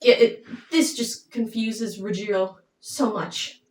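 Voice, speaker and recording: A woman's voice: medium pitch, steady tone, takes it slowly, darkish tone. A young woman casually retelling an opera plot in a chatty, playful way. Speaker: opera summary storyteller. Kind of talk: casual storytelling. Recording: roomy, distant mic.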